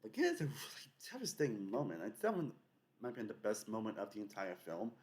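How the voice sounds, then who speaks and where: Young man, casual video essay host, rambling, quick, animated. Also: on the low side. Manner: rambling, many fillers and restarts.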